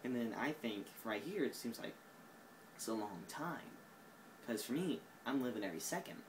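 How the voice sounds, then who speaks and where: A man's voice: mid-range voice, lively intonation, normal speed, noisy background. A tired man with an Oklahoma accent, rambling goofily through a casual vlog monologue recorded on a phone while sitting indoors. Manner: goofy, drifting, self-mocking. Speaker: vlogger.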